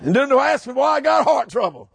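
A man preaching a shouting revival sermon, hollering high, then dropping low. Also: big pitch swings, fast talker, gravelly, some chatter behind. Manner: hollers with rising pitch, then drops low. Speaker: pastor.

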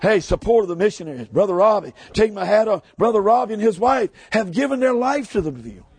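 A man preaching a shouting revival sermon, hollering high, then dropping low. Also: expressive, brisk, husky, dry recording. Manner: hollers with rising pitch, then drops low. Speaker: pastor.

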